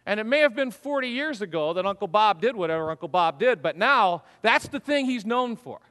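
Male pastor, high and very animated delivery, sermon in a reverberant church hall. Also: fairly quick. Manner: animated storytelling, acts out voices.

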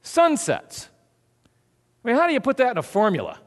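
A man preaching a sermon, animated and conversational, swinging from hushed asides to booming emphasis. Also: moderate pace. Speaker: pastor. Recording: long hall reverb.

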